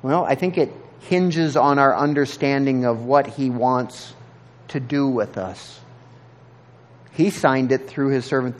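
A man preaching a sermon in an earnest, halting way, often repeating words as he searches for the next thought. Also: mid-range voice. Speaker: pastor.

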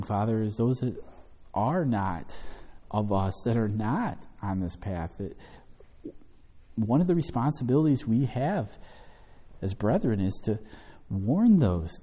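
A man teaching an evening Bible study as pastor, then leading a closing prayer. He speaks in a measured, earnest way and slows down to read scripture aloud. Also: fairly low pitch, dark tone. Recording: long hall reverb.

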